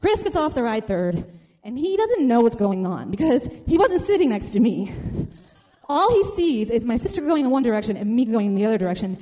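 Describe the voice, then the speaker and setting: A woman telling a funny personal story to a live audience, animated and acting out the people in it. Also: a little high, a little fast.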